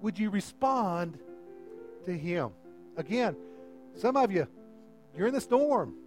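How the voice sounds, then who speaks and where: A man preaches from the front of a church, speaking through a handheld microphone. His voice sits high for a man, and he pleads with his listeners in an impassioned way. Soft music plays faintly behind him. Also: very animated, slow. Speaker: pastor. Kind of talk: sermon. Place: church sanctuary.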